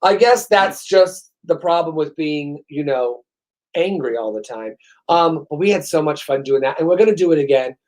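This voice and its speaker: A man's voice: a little high, lively intonation, normal speed, darkish tone. A man hosting his own show, rambling through stories with profane, sarcastic, self-mocking humor. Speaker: host. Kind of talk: rambling comedic monologue.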